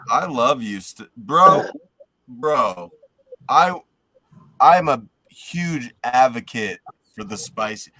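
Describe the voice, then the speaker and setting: A man's voice: mid-range voice, expressive, takes it slowly, pushed and bright. A laid-back man in casual chat with friends, peppering his talk with "bro" and "man".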